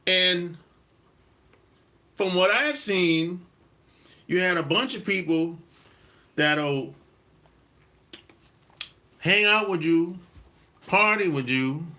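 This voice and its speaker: A man from South Carolina, hosting a podcast and telling a story in a blunt, emphatic monologue with cursing and drawn-out stresses. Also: high-pitched, sharp tone. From South Carolina, USA. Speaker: podcast host. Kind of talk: casual monologue.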